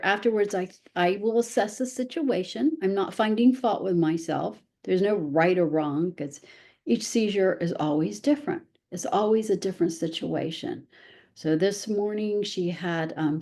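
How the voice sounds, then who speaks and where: A woman's voice: medium pitch, dark tone. A middle-aged woman giving a chatty presentation to parents, with frequent "right?" asides and self-deprecating humor. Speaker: presenter and parent of a child with special needs.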